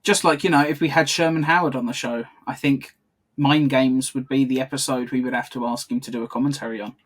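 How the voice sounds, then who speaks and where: A man co-hosting a relaxed episode commentary, talking in a medium-pitched voice. He chats freely, drifts off topic, and laughs often between his points. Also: fairly quick. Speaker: podcast co-host. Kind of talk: casual commentary chat.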